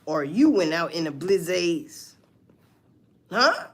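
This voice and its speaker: A woman's voice: fairly low pitch, takes it slowly. Woman on a livestream in aave, cussing and gossiping, voice jumping all over the place. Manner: profane, animated gossip with mocking asides. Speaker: livestream host. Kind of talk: casual livestream commentary.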